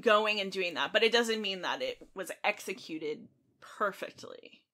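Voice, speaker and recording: A woman's voice: mid-range voice, lively intonation, a little slow, bright, forceful tone. A woman co-hosting a podcast, giving her opinions in a casual film discussion. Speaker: podcast co-host.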